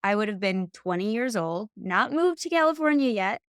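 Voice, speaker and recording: Animated woman telling a story. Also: medium pitch, normal speed, smooth, no echo, clean studio sound. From Michigan. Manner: animated, acts out quoted dialogue. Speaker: podcast guest, hypnotherapist. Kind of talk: casual storytelling.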